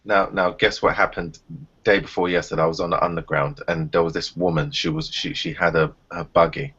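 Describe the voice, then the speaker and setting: A man's voice: a little fast, slightly rough. A man chatting casually on a group video call, telling stories and acting out other people's voices. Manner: animated storyteller, acts out others in high voices. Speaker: round table panelist. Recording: dull lo-fi call audio.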